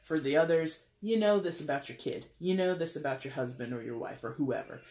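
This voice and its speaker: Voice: mid-range voice, brisk, echoey room. A tarot reader giving a casual, chatty reading, often acting out imagined dialogue and breaking into asides. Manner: chatty, acts out imagined dialogue in lively quoted voices; frequent laughs and asides.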